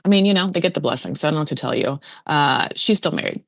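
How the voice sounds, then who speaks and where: A podcast host with a low, gravelly voice talks fast and animatedly while recapping a reality show. The casual pop culture chat is gossipy and full of "like", recorded in a clean studio with no echo.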